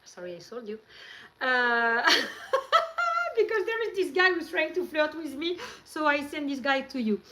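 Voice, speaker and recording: A woman's voice: high-pitched, fairly bright tone, poor audio. A woman from France with a French accent, hosting a live stream and telling rambling, chatty stories into her handheld phone. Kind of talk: casual live-stream chat.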